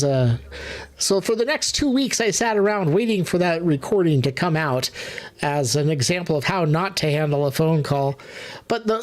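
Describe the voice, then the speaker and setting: A live stream host tells loose, profane stories about past work, often restarting a sentence. The voice sits at a middling pitch, and the delivery stays casual and conversational. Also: a little mellow. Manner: profane, rambling anecdotes with restarts. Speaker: livestream host; former tech support worker.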